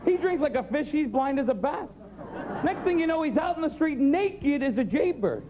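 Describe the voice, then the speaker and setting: A man's voice: very high voice, sing-song, normal speed, some chatter behind, slight background noise. A man doing stand-up comedy, rattling off a chain of animal similes. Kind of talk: stand-up joke telling. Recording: dull 90s TV broadcast sound.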